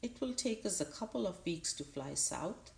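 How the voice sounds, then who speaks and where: A hearty, friendly male goose calls out to the flock, as a woman reads him. Low voice, with a roomy echo in the recording. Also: expressive, normal speed, creaky.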